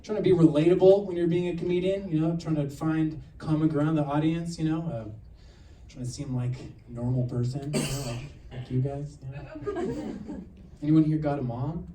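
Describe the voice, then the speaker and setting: A man doing a stand-up set, telling stories in an animated way and acting out other people's voices. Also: a little high, moderate pace, distant mic, a crowd in the background. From New Mexico. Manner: animated storytelling with acted-out voices. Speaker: stand-up comedian. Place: theater stage with audience laughter. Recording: roomy theater sound from afar, audience noise.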